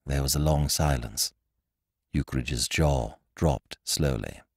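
A man narrating a classic story as audiobook narrator and podcast host, measured and expressive. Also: extremely low pitch, vocal fry, dry recording, clean studio sound. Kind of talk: scripted narration.

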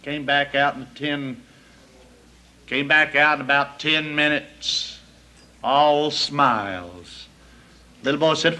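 A man's voice: fairly high pitch, slow, pauses often, pushed and bright. A man doing a crude stand-up routine, laughing at his own jokes before a live audience. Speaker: stand-up comedian.

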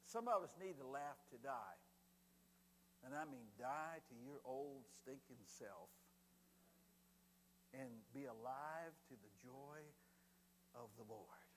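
An older man preaching a sermon as a pastor, animated and swinging between loud, excited stretches and hushed ones. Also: mid-range voice. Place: church service. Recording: echoey hall with faint hum.

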